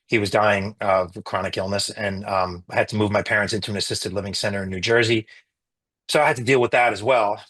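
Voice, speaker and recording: A man's voice: on the low side, steady tone, fairly quick, fairly bright tone. A middle-aged man, an emergency physician, giving an emotional personal account in an interview, earnest, with frequent restarts and rising indignation.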